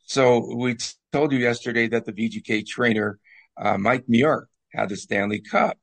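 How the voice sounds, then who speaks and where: A man co-hosting a casual hockey talk show, jokey and quick to laugh at his own bits. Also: medium pitch, gravelly. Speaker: sports talk co-host.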